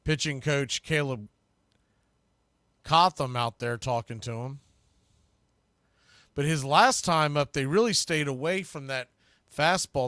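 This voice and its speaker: A man calling baseball play-by-play for a live stream watch party, talking through game strategy and getting louder on the big pitches. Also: takes it slowly, long pauses, no room sound, clean studio sound. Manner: conversational, analytical, bursts louder on big pitches. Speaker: play-by-play announcer.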